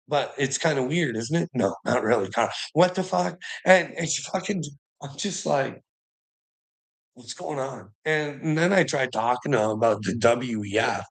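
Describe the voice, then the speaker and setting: A man's voice: medium pitch, creaky. A man talking straight to camera in a rambling monologue, swearing constantly, agitated and often breaking into laughter. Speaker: vlogger.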